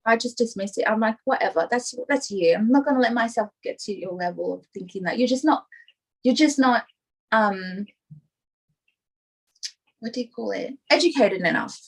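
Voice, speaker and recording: Candid young woman, slightly high voice. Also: animated, normal speed, gravelly, pauses often, slightly rough, poor audio. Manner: candid and rambling, full of "like" and "you know". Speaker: podcast guest. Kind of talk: casual interview chat.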